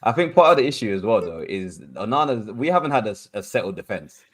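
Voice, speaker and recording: Teasing london guy on a football panel, lowish voice, talks quick. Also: big pitch swings. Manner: teasing, quick, laughs often. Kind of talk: casual football panel chat.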